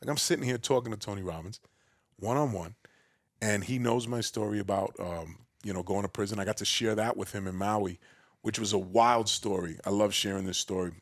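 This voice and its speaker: A man from the Bronx with a New York accent, a podcast guest telling his story in a big, loud, boisterous way. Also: a little fast, no echo, clean studio sound. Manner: acts out quoted voices with a raised pitch. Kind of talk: casual storytelling conversation.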